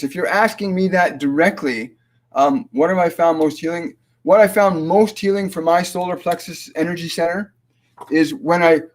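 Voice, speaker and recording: A man hosting a live-stream spiritual Q&A as a medium, speaking slowly and in a measured way, often halting with fillers and restarts. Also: on the high side. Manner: slow, measured delivery when relaying messages.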